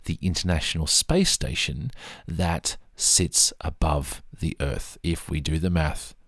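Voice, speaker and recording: A man's voice: extremely low pitch, a little slow, gravelly, fairly bright tone, no echo, studio quality. A man talking casually through his mug collection in a rambling, self-deprecating way. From Australia. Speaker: vlogger. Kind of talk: casual show-and-tell monologue.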